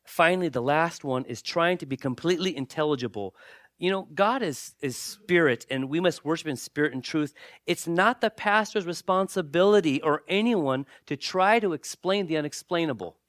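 A pastor delivering a sermon in a conversational way, with joking asides and repeated, restarted phrases. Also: male voice, on the high side, animated, moderate pace, fairly bright tone, dry recording.

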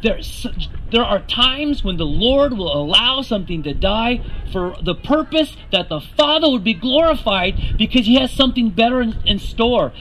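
A man's voice: very high voice, expressive, normal speed, fairly bright tone, a little hiss or hum, poor audio. A man preaching a sermon, earnest and rising to emphatic questions to the congregation.

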